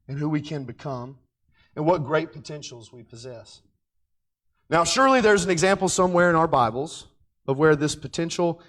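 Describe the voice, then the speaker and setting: Emphatic high-voiced male Bible teacher. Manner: emphatic, swinging between loud declarations and quiet asides; slows down to stress key words.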